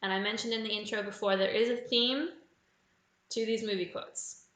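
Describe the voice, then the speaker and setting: Aussie woman hosting online pub trivia, bright voice, reads clues slow and twice, bit of room echo. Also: medium pitch, fairly even intonation. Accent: Australian. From Australia. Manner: reads clues slowly and repeats them. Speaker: quiz host.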